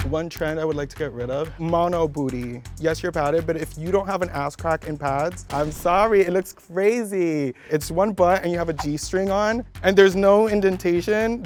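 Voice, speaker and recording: A man of Cuban heritage, a drag queen contestant, talking playfully and gushing in a confessional interview. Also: on the high side.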